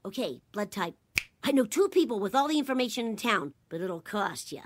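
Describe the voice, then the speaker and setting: Brief: a woman playing a smart-mouthed cartoon boy, lively pitch, teasing. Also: brisk, slight background noise, lightly acted. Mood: sarcastic. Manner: sarcastic, teasing. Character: wisecracking ten-year-old cartoon boy.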